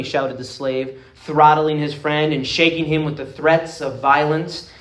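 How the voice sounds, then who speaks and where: A man preaching a sermon, retelling a parable in an earnest, emphatic way with dramatic pauses. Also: on the high side, level tone, fairly bright tone. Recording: roomy echoing space.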